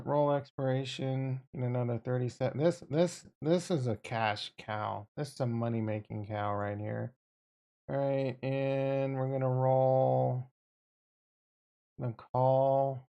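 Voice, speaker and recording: A man hosting a casual livestream about trading, talking excitably and with profanity as he riffs with viewers. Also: mid-range voice, gravelly, muffled recording. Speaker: livestream host.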